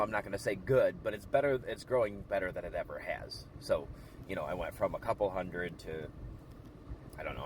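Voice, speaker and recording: A man's voice: on the low side, a little hiss or hum. Man telling a story outdoors. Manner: rambling, restarts and quoted dialogue. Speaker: vlogger. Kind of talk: casual storytelling to camera.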